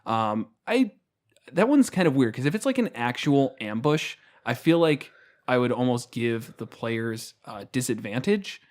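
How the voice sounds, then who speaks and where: Podcast co-host, man, casual and rambling, mid-pitched voice, talks through rules aloud. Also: very animated, unhurried. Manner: rambling, many fillers and restarts. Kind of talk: casual tabletop game chat.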